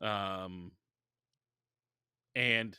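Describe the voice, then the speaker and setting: Though he tells his stories with energy and keeps restarting sentences, this podcast guest talks extremely slowly in a smooth, lowish voice. The casual interview is captured in echo-free studio quality.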